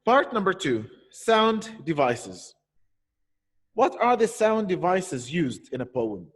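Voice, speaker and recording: A man's voice: high voice, big pitch swings, breathy edge. A man teaching an online poetry lesson, patiently explaining and repeating key points. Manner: patient, explains slowly with repetition. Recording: echoey room with long reverb.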